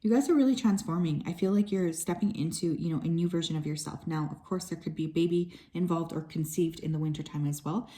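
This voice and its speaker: A woman with a low, warm voice talks through a tarot reading for her viewers. She is relaxed and conversational, drifting into asides and filling pauses as she goes. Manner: relaxed and chatty, with frequent fillers and soft asides. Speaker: tarot reader.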